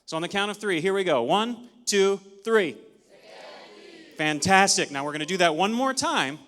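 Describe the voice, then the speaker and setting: A man giving an energetic, interactive talk at a conference, leading the audience through counts, a little out of breath. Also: high voice, quick pace, some chatter behind. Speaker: conference speaker. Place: large conference hall. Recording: long hall reverb.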